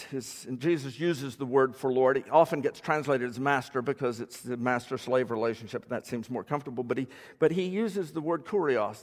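A man giving a teaching sermon in a conversational way, explaining words and asking his listeners questions. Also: medium pitch. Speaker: preacher. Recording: long hall reverb.

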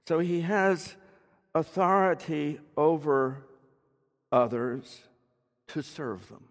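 Animated yet slow, a high-ish male voice leads a conversational teaching sermon. This preacher explains words and quizzes his listeners, with a long reverb from the hall.

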